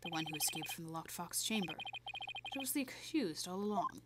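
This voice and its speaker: A woman doing a smug, hushed male prosecutor. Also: lowish voice, lively intonation, normal speed, a little hiss or hum. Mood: gloating. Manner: silky, taunting, hushed. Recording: loud game music underneath. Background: game music.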